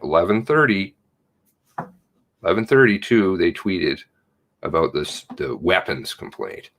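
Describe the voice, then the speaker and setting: Guy ranting on his livestream, voice jumps all over, gets loud and worked up then calms down. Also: sits low, moderate pace, long pauses, slight background noise. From Canada. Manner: indignant ranting, reads chat names aloud. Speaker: livestream host. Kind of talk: casual commentary livestream.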